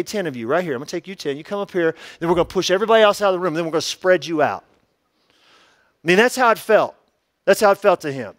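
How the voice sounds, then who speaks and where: A man, a pastor, preaching a sermon in a conversational, joking way, full of rhetorical questions and drawn-out words for emphasis. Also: high voice, dry recording, studio quality. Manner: emphatic, stretching key words for effect.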